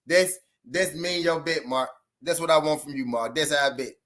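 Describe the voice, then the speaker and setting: A man's voice: fairly high pitch, moderate pace, fairly bright tone. A man with a Southern US accent hosting a casual boxing livestream, chatting loosely with viewers and repeating himself.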